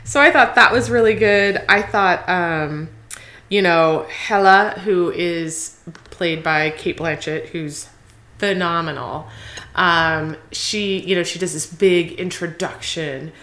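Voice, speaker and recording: A woman in casual movie-review chat, animated and quick to act out the lines she quotes. Her voice sits slightly low, and the room gives it a noticeable echo. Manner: animated, acts out quoted lines, laughs often. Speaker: podcast co-host.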